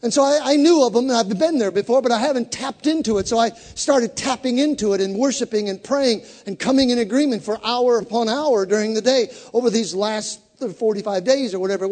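Pastor, male, very high voice, fervent call-and-response sermon, long hall reverb. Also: darkish tone.

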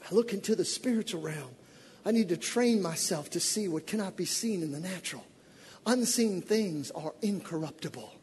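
A middle-aged man preaching a sermon, swinging between loud shouted exhortation and low, conversational storytelling. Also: animated, moderate pace, a little hiss or hum. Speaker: pastor. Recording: long hall reverb.

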